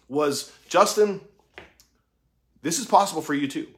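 A man giving a casual monologue about mentorship, profane and excitable, full of slang, acting out conversations he quotes. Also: on the high side, takes it slowly, pauses often. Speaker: tattoo artist talking about mentorship.

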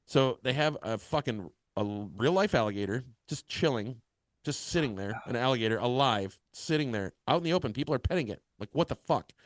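A man's voice: medium pitch, animated, brisk. A man in his thirties, a podcast co-host, telling a rambling, profane story in casual chat.

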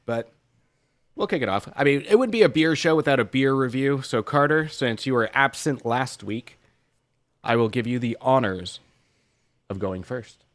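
A middle-aged man co-hosting a casual podcast chat, wry and quick to laugh, swearing casually. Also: medium pitch, expressive, dry recording. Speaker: podcast co-host.

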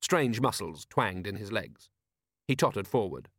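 A man reading an audiobook in calm, measured narration with dry humor. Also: fairly low pitch, no room sound. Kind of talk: scripted narration.

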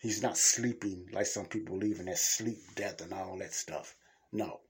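Middle-aged male podcast host, husky low voice, blunt colloquial preaching style. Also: moderate pace. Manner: blunt, conversational, colloquial, repeats points for emphasis. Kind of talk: casual spoken preaching.

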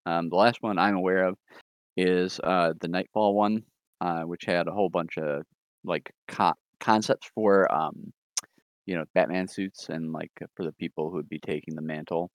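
A man with a low, smooth voice talks through new comic releases in a relaxed, measured way. The sound is dry and close, with no room around it. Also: dry recording. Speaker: podcast co-host reviewing new comics. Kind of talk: casual chat.

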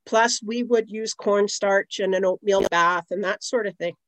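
Woman putting on an old Ukrainian grandmother, eighties, fond, homespun, higher and louder, dry sound. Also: moderate pace, no echo, close to an everyday voice, rough recording. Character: elderly Ukrainian grandmother in her eighties, doting.

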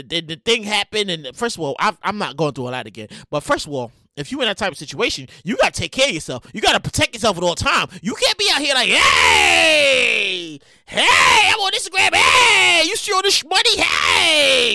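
A man with a high, bright voice hosts his own podcast, talking in a loose, profane stream full of restarts and repeated phrases. His pitch swings widely as he breaks into loud acted-out scenes. The sound is dry and close. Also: no echo. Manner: bursts into loud acted-out reenactments. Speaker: podcast host. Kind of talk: solo casual commentary.

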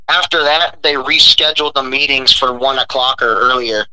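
A man's voice: medium pitch, steady tone, normal speed, few pauses, pushed and bright, poor audio. A young man, a welder, telling a blunt, profane story about work in casual chat.

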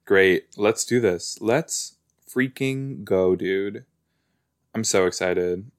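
A man's voice: lowish voice, slow pace, a bit bright. A man hosting a reaction video, chatting casually and exclaiming and asking questions at the screen as he watches.

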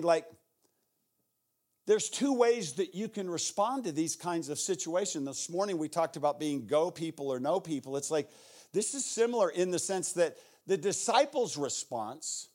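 High-voiced preacher telling a lively story. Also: male voice, normal speed. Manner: animated, acts out the people in his stories; playful asides. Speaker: guest preacher. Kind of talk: sermon storytelling.

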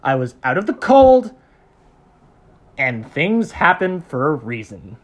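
High-voiced man telling a story. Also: sing-song, slow pace. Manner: profane, laughs often. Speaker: podcast guest. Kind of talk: casual storytelling.

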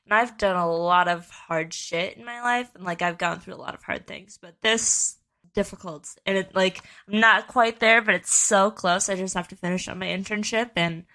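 A woman's voice: mid-range voice, normal speed, bright, forceful tone. Young woman, podcast co-host, casual chat, rambling story, lots of fillers.

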